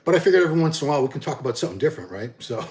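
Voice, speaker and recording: Blunt, animated middle-aged man telling a story. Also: fairly high pitch, very fast. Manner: blunt and animated, acts out quotes. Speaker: bodybuilding channel host. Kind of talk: casual storytelling to viewers.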